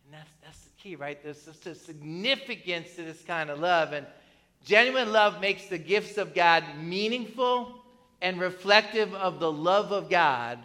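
A man's voice: high voice, a little slow, bright, forceful tone. A man preaching a sermon in a conversational way, asking his listeners questions and often adding "right?". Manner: conversational preaching, asks the congregation questions, tags many lines with "right?". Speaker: pastor. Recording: long reverb of a church hall.

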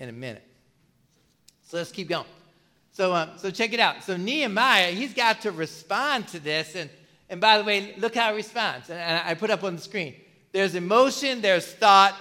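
A man with a high, bright voice preaches a sermon in a casual, conversational way. He keeps asking the congregation questions and stumbles over repeated words. His voice rings with the long reverb of a church hall. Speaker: pastor.

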